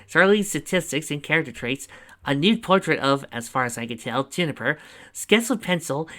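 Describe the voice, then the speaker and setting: Bright-voiced man reading a fantasy story. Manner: lively, changes pitch and volume for character lines. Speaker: reader of a fan-fiction story.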